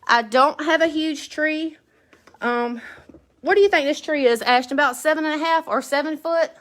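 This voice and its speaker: A woman's voice: sits high, normal speed, fairly bright tone. A woman with a Southern US accent chatting casually on a live stream at home, greeting viewers by name as she decorates a Christmas tree.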